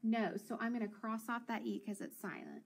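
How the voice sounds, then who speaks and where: A woman teacher leading a children's phonics lesson, encouraging and sounding out words slowly. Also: fairly high pitch, a little hiss or hum.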